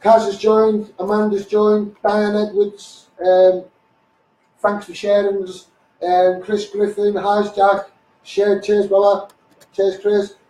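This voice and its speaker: A man with a Liverpool accent, hoarse, ranting combatively on a live stream and calling viewers mate. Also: high-pitched, completely flat delivery, takes it slowly, warm tone. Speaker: activist livestreamer. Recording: echoey, mic held at a distance.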